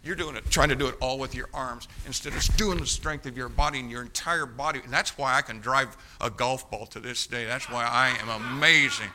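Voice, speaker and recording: A man preaching a sermon, telling a folksy story and then urging young people on, shifting from quiet asides to loud exhortation. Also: mid-range voice, fairly quick, few pauses, background noise.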